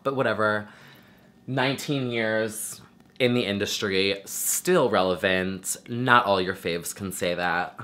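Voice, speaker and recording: A man in his thirties chats to camera from home, candid and campy, slipping into mock voices as he tells his story. His voice sits fairly low but sounds bright and forceful. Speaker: vlogger host. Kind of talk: casual chat to camera. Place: home room with a ring light.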